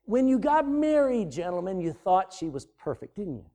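Animated preaching man, mellow voice. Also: high voice, normal speed. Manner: preaching with dramatic swings in volume and sudden drops to a hush. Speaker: pastor. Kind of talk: sermon.

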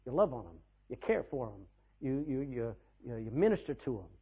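A man's voice: mid-range voice, very animated, moderate pace, breathy edge, narrow, tinny audio. A man preaching a sermon as pastor, emphatic, asking the congregation questions and pushing for answers.

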